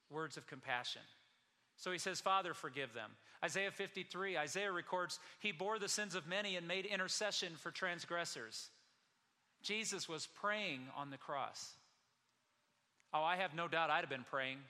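A male pastor preaches with a bright, ringing, tense tone and a slightly high voice. He delivers the sermon earnestly, asks the congregation rhetorical questions and slows down to press a point. His voice carries a long reverb from a large hall.

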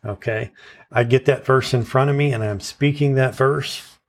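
A man's voice: mid-range voice, steady tone, normal speed. A man preaching a sermon in an earnest teaching tone, often checking in with his listeners. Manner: stresses verse words in turn as he recites.

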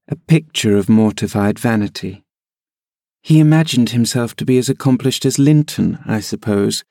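Guy reading an old novel out loud, low gravelly voice, dark and dry, close mic. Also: no room sound. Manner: measured, expressive reading. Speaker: audiobook reader. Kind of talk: audiobook narration with character voices.

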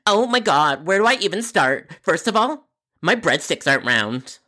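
A woman's voice: fairly low pitch, very animated, normal speed, pushed and bright, exaggerated voice. A woman playing an angry, entitled customer on the phone, complaining in a whiny, indignant way.

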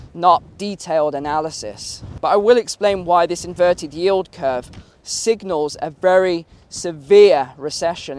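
A man with a fairly high voice that has gone hoarse, talking as he walks outside. He sounds emphatic and urgent and drifts into rambling asides. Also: darkish tone. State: losing his voice. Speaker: finance YouTuber. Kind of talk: walk-and-talk vlog commentary. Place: outdoors, walking.

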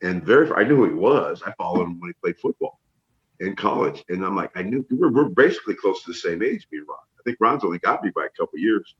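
A middle-aged man from the northern United States telling animated stories as an interview guest, acting out what others said. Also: deep voice, fast talker, reverberant. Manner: animated storyteller, acts out quotes. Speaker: interview guest, former wrestler. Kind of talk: casual storytelling. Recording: dull lo-fi sound.

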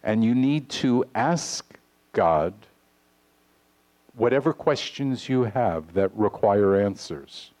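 A man preaching a sermon to his congregation, earnest and deliberate, reading scripture aloud. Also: fairly low pitch, animated, a little mellow. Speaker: pastor. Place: congregation hall.

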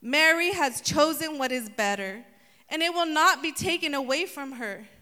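A woman preaching a lively sermon, playfully acting out voices from the story. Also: high voice, normal speed. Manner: animated, acts out voices of the story. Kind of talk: sermon with humor. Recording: long hall reverb.

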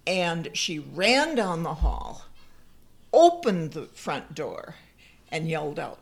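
A woman's voice: low-pitched, slightly rough. An older woman co-hosting a podcast, telling family stories in a casual chat. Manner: slow, animated storyteller. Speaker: podcast co-host.

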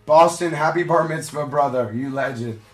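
A young man hosting a live card break stream, shouting excitedly at big pulls. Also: a little high, moderate pace, roomy sound.

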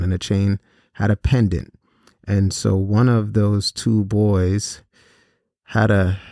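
A man with a low, gravelly voice and a dark, mellow tone tells a personal story to young listeners. He talks earnestly and at a measured pace, often pausing on small fillers. The sound is dry and close, with no room around it. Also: dry recording. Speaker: host and speaker on violence prevention. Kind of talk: personal storytelling talk to students.

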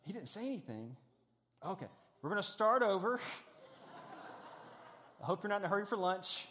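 A man's voice: high voice, very animated, normal speed, a bit bright. A middle-aged man preaching a sermon in a large church. He talks conversationally, with self-deprecating humor and frequent restarts, while running a demonstration on stage. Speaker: pastor. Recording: long hall reverb.

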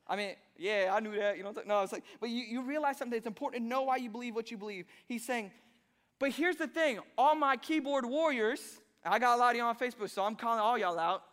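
A high-pitched male pastor preaches in an animated, conversational way and slips into sarcastic asides. His voice rings out with a long reverb, as if it fills a big church sanctuary. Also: rapid-fire, few pauses. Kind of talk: sermon. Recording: long reverb of a large hall.

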